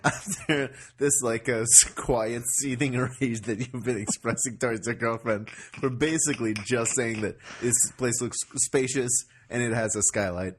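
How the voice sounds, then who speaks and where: A man's voice: mid-range voice, normal speed, few pauses, a little hiss or hum. A man co-hosting a podcast in casual comedic chat, with dry, mock-blunt humor. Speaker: podcast co-host.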